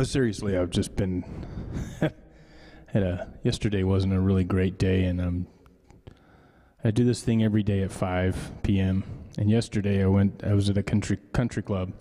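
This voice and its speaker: A deep, dark-toned man chats loosely on his live stream, wandering from thought to thought and joking as he goes. He keeps adding a playful "eh" to his lines. His voice trails off into a long reverb. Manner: rambling, jokey, tacks on a mock-Canadian "eh". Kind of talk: casual live stream chat. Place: home studio.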